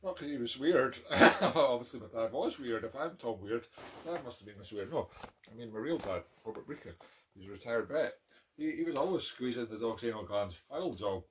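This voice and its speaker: A man's voice: medium pitch, lively intonation, fairly quick, noisy background. A middle-aged man with a Scottish, Edinburgh accent, hosting a music live stream from home and chatting in a rambling, self-amused way with many fillers. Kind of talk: casual live-stream chat between tunes. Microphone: home live-stream setup.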